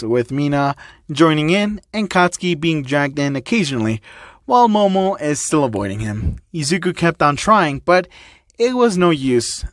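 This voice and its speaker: A man's voice: on the high side, no echo. Man reading a fan story, dry mic. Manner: plain reading, then exasperated ranting at the puns. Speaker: narrator and voice actor of a fan story. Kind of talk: fan fiction narration.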